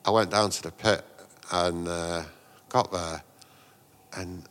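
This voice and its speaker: A man's voice: sits low, fairly even intonation, takes it slowly, fairly bright tone, smooth. A man in a casual interview, telling rambling anecdotes full of slang and restarts. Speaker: guest, graffiti artist and painter.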